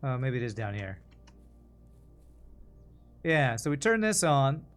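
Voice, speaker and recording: A man streaming a puzzle game in a relaxed, musing way, whose sentences often trail off quietly. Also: mid-range voice, slow pace, soft background music. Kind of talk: casual gameplay commentary.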